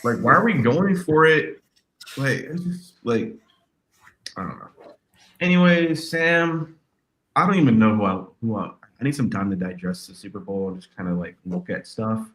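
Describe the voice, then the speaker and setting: Guy chatting football on a stream, slangy and hyped, jumps into high voices when he imitates folks. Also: moderate pace. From California. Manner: animated, slangy, mimics people in high voices. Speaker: podcast co-host. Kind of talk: casual sports chat.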